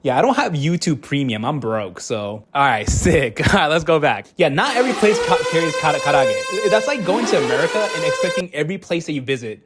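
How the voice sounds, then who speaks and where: Blunt, ranting young man, slightly high voice. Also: sing-song, a little fast, few pauses, soft background music. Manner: blunt, exasperated ranting with many restarts. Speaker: YouTube commentator. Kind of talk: casual reaction commentary.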